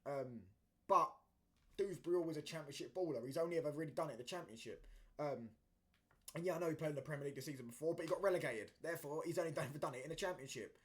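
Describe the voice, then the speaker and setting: A man's voice: a little high, racing. A man, hosting a football talk show and ranting casually, with plenty of fillers, restarts and heated outbursts. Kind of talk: casual opinion rant.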